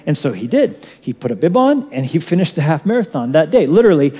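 A man preaching a sermon in an animated, conversational way, with casual asides to the congregation. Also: on the high side, fast talker, breathy edge. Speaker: pastor.

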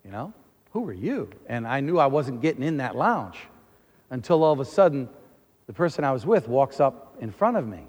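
A man preaching a sermon as pastor, talking in an animated way and acting out the voices he quotes. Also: mid-range voice, a little fast, in a large hall.

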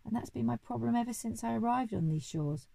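A woman voicing a polite, hungry female giraffe who is genteel and timid but quick to get excited. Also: fairly high pitch, creaky, no echo, voice pushed up.

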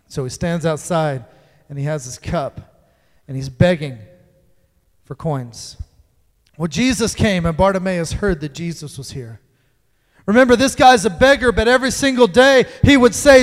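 A man preaching a sermon, dynamic, swinging from loud emphatic lines to hushed ones. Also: sits high, normal speed. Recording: long hall reverb.

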